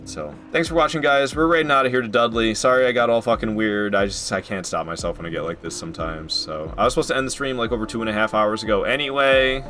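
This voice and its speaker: A man's voice: lowish voice, fast, hardly any pauses, pushed and bright, faint music behind. A young man streaming a game, chatting casually and swearing freely, working himself up into heated rants.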